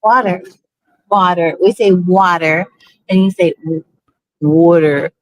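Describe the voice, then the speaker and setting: A woman's voice: lowish voice, steady tone, takes it slowly, a little mellow, poor audio. A woman from Oregon chatting on a live stream from her car, joking around and repeating words for fun. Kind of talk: casual chat on a live stream.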